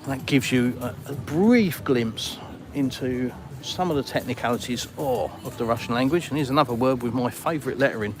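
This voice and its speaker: A British man chatting to live viewers on a walking vlog, rambling and self-deprecating, outdoors in a town. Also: mid-range voice. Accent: British English. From Britain. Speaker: vlogger. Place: outdoors on a town street with traffic.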